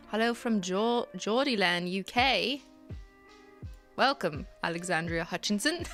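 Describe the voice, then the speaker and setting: A woman's voice: medium pitch, normal speed, pushed and bright, soft background music. A woman hosting a casual livestream, reading out chat messages with playful, giggly, mock-corporate banter.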